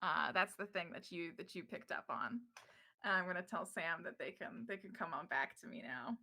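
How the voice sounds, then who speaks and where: A woman's voice: lowish voice, moderate pace, sharp tone. A young adult woman narrating as game master in a chatty, affectionate way, with frequent ums.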